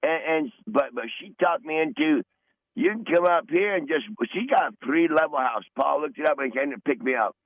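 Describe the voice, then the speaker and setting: A man's voice: fairly high pitch, normal speed, no room sound. Brief: man, 60s, podcast regular caller; profane, boastful rambler; tinny phone audio. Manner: combative, swearing, boastful. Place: in his van.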